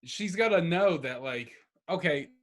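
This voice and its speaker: A man co-hosting a podcast, chiming in during casual chat. His voice sits somewhat high, and he restarts his sentences as he works out a point. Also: animated, measured pace, fairly bright tone. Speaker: podcast co-host.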